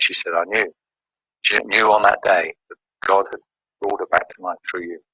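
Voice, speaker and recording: A man from the United Kingdom recounts a personal testimony in a very low, husky voice. His tone is notably bright and sharp, with a dry, close sound. He slips into the voices of the people in his story as he tells it. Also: no room sound, rough recording. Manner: storytelling with quoted dialogue.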